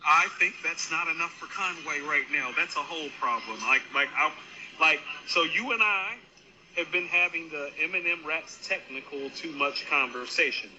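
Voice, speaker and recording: A man's voice: a little high, moderate pace. A man co-hosting a casual talk show over a remote call, talking emphatically and repeating himself for weight. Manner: emphatic, animated, repetitive. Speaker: podcast co-host on a remote call. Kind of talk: casual hip-hop discussion. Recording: dull echoing remote line with faint noise.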